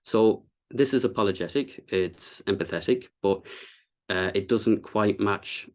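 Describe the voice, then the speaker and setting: A man with a low, deep voice walks a meetup audience through design ideas. He talks casually, stopping often for fillers and small restarts as he explains. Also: measured pace. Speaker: content designer giving a talk.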